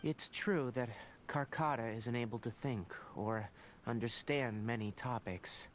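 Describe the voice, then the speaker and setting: An actor voicing a calm, somber young male scholar in a video game, explaining things in a measured way. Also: mid-range voice, slight background noise, lightly acted.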